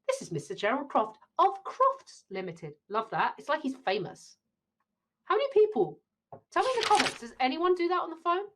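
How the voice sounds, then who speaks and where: Chatty British woman teaching English. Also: mid-range voice. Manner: alternates reading play lines with explanation; chatty, addresses viewers directly. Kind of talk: exam revision lesson.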